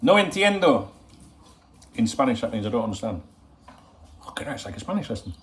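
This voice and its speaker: A man's voice: on the low side, racing, slight background noise. A man hosting a casual football vlog at home, chatty, joking and swearing freely as he rambles to viewers. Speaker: football channel host.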